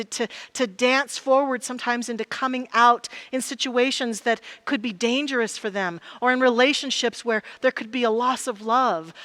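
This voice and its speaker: Higher-voiced woman giving a sermon. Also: no room sound. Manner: reflective, quotes song lyrics softly. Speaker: minister. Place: church sanctuary.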